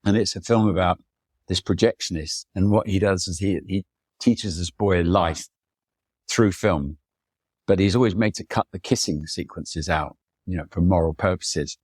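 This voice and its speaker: A man's voice: deep voice, moderate pace, darkish tone, breathy edge, no echo, clean studio sound. A man, a photographer, talking as a podcast guest, telling long rambling personal stories and mimicking the people he quotes. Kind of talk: reflective storytelling in conversation.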